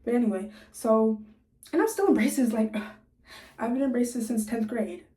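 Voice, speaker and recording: Young woman vlogger, 19, chatty and quick with asides, slightly high voice, sore jaw, echoey room. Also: lively intonation, dark tone, distant mic. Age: young adult, 19. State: sore jaw from recent surgery. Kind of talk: casual storytelling to camera.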